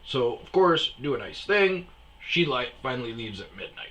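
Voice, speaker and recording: A man's voice: medium pitch, moderate pace, slight background noise. A man hosting a casual storytelling show, swearing freely and acting out the dialogue. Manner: profane, animated, acts out dialogue. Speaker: storyteller host.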